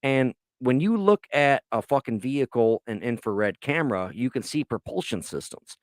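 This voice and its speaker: A man hosting a podcast in casual chat, rambling excitedly and swearing often. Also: medium pitch, moderate pace, no echo. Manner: profane, rambling, excitable storytelling. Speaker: podcast host. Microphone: laptop recording.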